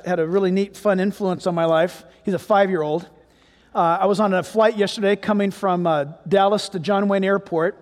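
A pastor man preaching with a very high-pitched voice, telling stories in an easy, chatty way. His words ring out with a long echo, as from a large hall. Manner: conversational, storytelling. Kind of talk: sermon. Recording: echoey hall.

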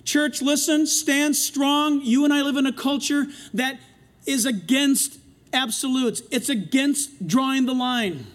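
A middle-aged man preaching a sermon as pastor, swinging between loud passionate lines and quiet asides. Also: extremely high pitch, unhurried.

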